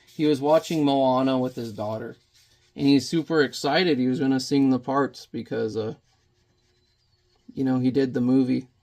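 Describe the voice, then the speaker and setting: A man's voice: mid-range voice, darkish tone. A man chatting casually while he paints in watercolor, rambling and muttering to himself as he works.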